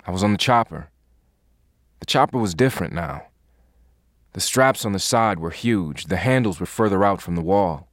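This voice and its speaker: A man reading a first-person audiobook in a measured, tense, understated way, recorded in a studio booth. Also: deep voice, expressive, dry recording. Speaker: audiobook narrator.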